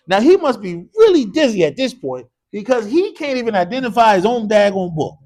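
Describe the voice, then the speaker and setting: A man leads an Arabic lesson in a mosque classroom, mixing English with short Arabic phrases. His voice sits high and swoops widely as he keeps quizzing the class with "what?" and drills them call-and-response style. The effect is a very animated delivery. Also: a little fast, few pauses. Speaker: Arabic teacher.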